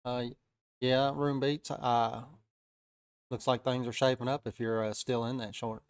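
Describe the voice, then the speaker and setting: Easygoing Southern-accented male stream host, mid-pitched, smooth and dry, casual market chatter. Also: little pitch movement, measured pace, no room sound. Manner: easygoing, chatty, frequent "uh" fillers. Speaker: day-trading live-stream host.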